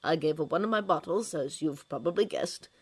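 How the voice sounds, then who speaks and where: A woman reading a fanfiction story, voicing a smooth-talking older male ruler who is patient and condescending. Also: low-pitched, a little fast. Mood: wistful.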